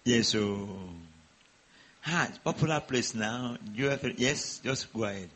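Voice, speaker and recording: A man's voice: medium pitch, measured pace, a bit bright, low-quality recording. A man preaching a sermon to a congregation, exhorting them with rhetorical questions and repeated calls.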